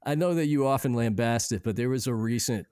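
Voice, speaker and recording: A man's voice: mid-range voice, a little fast, a little mellow, clean tone, no room sound, clean studio sound. A man co-hosting a podcast in casual chat, rambling with fillers and swearing as he plays back caller messages.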